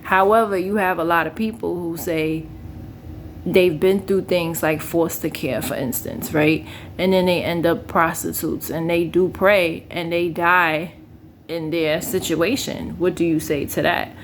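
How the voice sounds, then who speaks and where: Young woman chatting to her viewers, earnest and real, lowish voice, a bit of quiet room noise behind. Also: fairly even intonation, unhurried. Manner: earnest, conversational, addresses viewers directly. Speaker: vlogger. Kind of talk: casual personal talk to camera.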